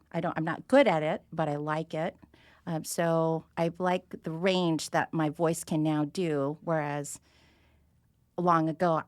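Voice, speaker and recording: A woman's voice: sits low, dry recording, clean studio sound. A woman talking casually and thoughtfully about her own voice as a podcast guest. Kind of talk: casual reflective chat.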